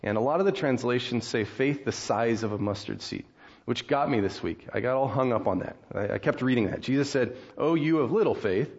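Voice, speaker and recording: A man preaches a sermon in a relaxed, conversational way, with a voice of middling pitch. He walks his listeners through scripture and grows animated when he acts out frustration. The recording sounds a little dull. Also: a little fast. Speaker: pastor.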